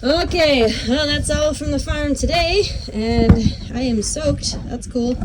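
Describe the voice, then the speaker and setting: A woman's voice: sits high, slow pace. A woman chatting casually as she vlogs from her farm during a windy snowstorm. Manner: chatty, talks softly to her cats. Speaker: vlogger on a horse farm. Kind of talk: casual vlog chat.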